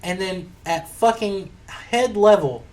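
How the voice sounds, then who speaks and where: A man in a casual gaming chat, telling stories in a relaxed way and swearing casually. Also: high-pitched, slow. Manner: relaxed, laid-back storyteller who swears casually. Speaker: co-host.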